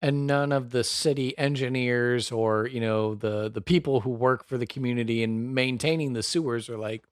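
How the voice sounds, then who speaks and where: A man's voice: mid-range voice, steady tone, moderate pace, hardly any pauses, clear, resonant tone, no echo, clean studio sound. A man running a tabletop game, chatting casually and rambling with many fillers as he brainstorms a character. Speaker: game master.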